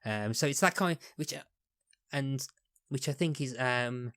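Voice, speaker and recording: A man's voice: medium pitch, a little slow, fairly bright tone, no echo. Brief: male host, casual rambling analysis, dead-dry recording. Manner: rambling, many restarts and fillers. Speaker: podcast host. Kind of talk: casual podcast chat.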